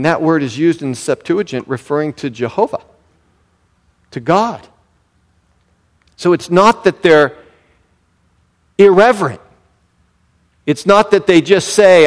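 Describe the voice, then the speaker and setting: A man preaching a sermon, asking rhetorical questions and leaning hard on key words. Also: medium pitch. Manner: preaching with emphatic rises and slow deliberate stresses; asks the congregation rhetorical questions. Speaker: pastor.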